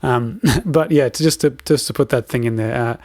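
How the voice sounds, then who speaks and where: A man's voice: medium pitch, moderate pace, a little mellow, dry recording. A man co-hosting a podcast, chatting casually about recording music, rambling with many fillers and restarts, chuckling often. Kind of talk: casual chat.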